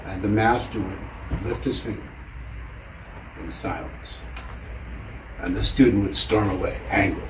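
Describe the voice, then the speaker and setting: A man giving a storytelling lecture in a measured way with deliberate pauses, in a lecture room. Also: fairly low pitch, slight background noise. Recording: roomy hall, mic far off.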